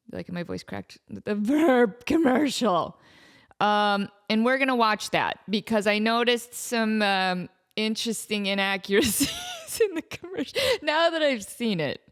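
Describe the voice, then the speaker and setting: Animated, self-mocking woman podcast host. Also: a little high, clean tone. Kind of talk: casual chat.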